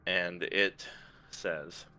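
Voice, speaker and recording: A man running a tabletop science-fiction game as game master, narrating in a relaxed, matter-of-fact way with fillers. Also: sits low, very slow.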